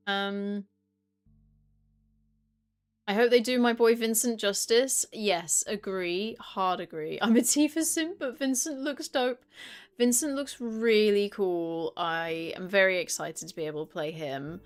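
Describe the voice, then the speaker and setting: A British woman streaming a game live, chatting casually and rambling with lots of "um"s, getting excitable when she reacts to chat. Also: mid-range voice.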